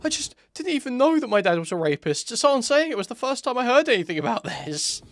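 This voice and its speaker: A man's voice: very high voice, very animated, fast. A man doing reaction commentary in a mocking, incredulous way, swearing now and then. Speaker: commentary streamer.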